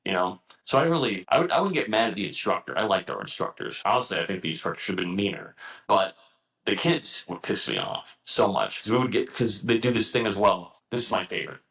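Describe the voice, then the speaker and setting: A man's voice: on the low side, big pitch swings, quick pace, vocal fry, fairly bright tone, poor audio. A young man being interviewed who tells blunt, profane stories in casual chat. He is a guest talking about his life in the air force.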